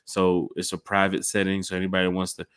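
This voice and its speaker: A man hosting a casual sports podcast, talking in an animated way that jumps between hype and jokes. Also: low voice, fast, smooth, no room sound, studio quality. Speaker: podcast host.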